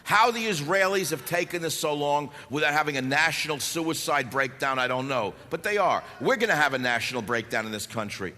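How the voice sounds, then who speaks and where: A talk radio host giving an impassioned, sarcastic political speech to a live audience, shouting at times. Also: male voice, a little high, expressive, fairly quick, few pauses. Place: large hall before a live audience. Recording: echoey hall with faint background noise.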